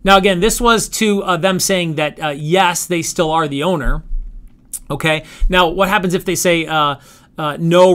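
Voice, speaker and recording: A man with a fairly high voice coaches sales agents through a phone script. He talks emphatically, slows down to stress words and reads lines aloud as if on a call. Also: pushed and bright.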